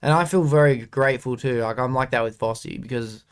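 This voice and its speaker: Laid-back young Australian man, smooth voice. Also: mid-range voice, fairly quick. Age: young adult. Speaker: podcast host. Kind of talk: casual chat.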